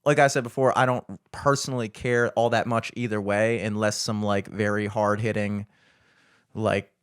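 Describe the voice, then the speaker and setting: A man co-hosting a podcast in casual, animated chat, swearing and laughing often. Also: lowish voice, normal speed, clean tone, dry recording, clean studio sound. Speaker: podcast co-host.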